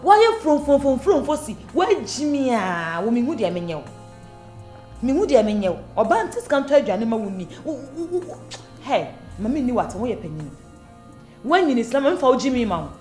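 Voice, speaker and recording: Scolding woman, high lively voice. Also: moderate pace. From Ghana. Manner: scolding, complaining. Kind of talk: comic drama acting. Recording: echoey room with music.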